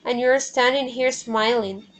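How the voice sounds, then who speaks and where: A woman's voice: fairly high pitch, steady tone, a little slow, close to an everyday voice, low-quality recording. Woman reading Blanche, tense and indignant.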